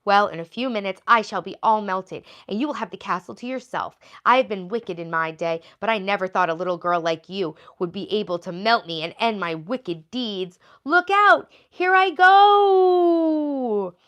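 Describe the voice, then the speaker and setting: A woman voicing a cruel, wicked old witch in a high, screechy put-on voice. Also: moderate pace, fairly bright tone, lightly acted. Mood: wailing.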